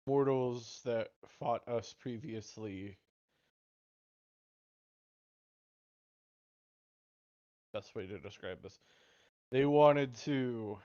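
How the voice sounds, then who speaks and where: A man voicing a weary ancient god who explains an old pact in a measured, matter-of-fact way. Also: fairly low pitch, darkish tone, lo-fi sound. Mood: explaining.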